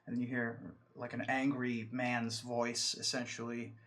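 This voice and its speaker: A man narrating a tabletop game as dungeon master, halting and thoughtful, with many fillers. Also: mid-range voice, monotone, fairly bright tone.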